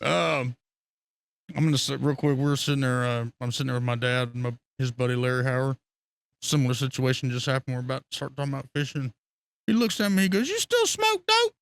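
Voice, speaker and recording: A man telling fishing stories as a podcast guest, excitable and profane, laughing often. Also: mid-range voice, fast talker, gravelly, dry recording. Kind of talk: casual storytelling.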